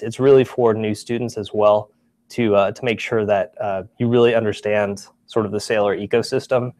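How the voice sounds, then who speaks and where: A man on staff giving a casual office-hours update, relaxed, with many ums and restarts. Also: lowish voice, no echo. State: briefly out of breath. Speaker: staff presenter.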